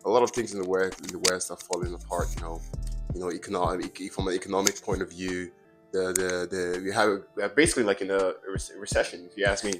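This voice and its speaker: A man's voice: sits low, little pitch movement, quick pace, over music. A young man hosting a casual podcast, rambling and repeating words as he talks. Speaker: podcast host.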